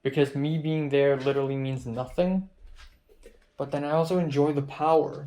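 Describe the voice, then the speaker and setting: A man's voice: a little high, steady tone, normal speed, warm tone. Agitated young man ranting. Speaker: vlogger. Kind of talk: confessional video diary. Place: his apartment, indoors.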